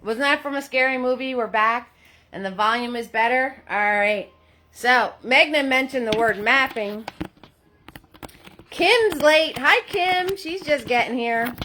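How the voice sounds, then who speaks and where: A woman's voice: high-pitched, measured pace, pushed and bright, a little hiss or hum. A woman hosting a live-streamed painting class, chatty and upbeat as she greets viewers by name, talking into a phone in a holder. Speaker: paint party host.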